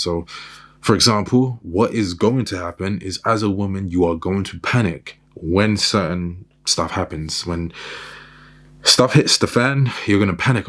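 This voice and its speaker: A man talking through dating advice in a casual monologue, with frequent "you know" and "right?" asides. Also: low-pitched.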